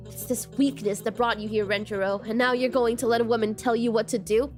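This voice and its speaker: A woman's voice: a little high, fairly even intonation, brisk, a little mellow, faint music behind, lightly acted. A woman voicing a harsh, domineering old male master who speaks with contempt, reading his lines from a game. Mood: scornful. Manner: contemptuous, commanding.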